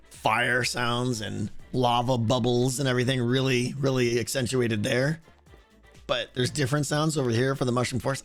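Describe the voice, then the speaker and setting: A man streaming a game, chatting casually with viewers and thinking aloud, with a hoarse voice and many restarts. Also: medium pitch, a bit bright. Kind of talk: casual livestream chat answering viewers.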